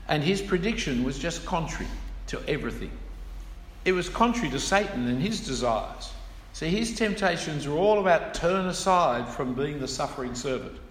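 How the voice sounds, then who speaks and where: A man's voice: on the high side, slight background noise. Man preaching in an echoey hall. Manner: explanatory, with emphatic stresses and asides. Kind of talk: sermon. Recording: echoey hall with room ambience.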